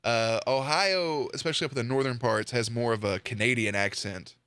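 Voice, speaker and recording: A man's voice: medium pitch, brisk, a bit bright, clean tone, no echo. A man hosting a reaction video, chatting casually and joking about what he hears. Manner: joking, teasing, mock accents.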